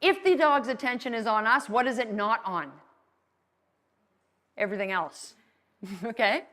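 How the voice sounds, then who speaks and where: A woman's voice: on the high side, measured pace, sharp tone. A woman dog trainer teaching a live class, upbeat and often checking in with "okay?".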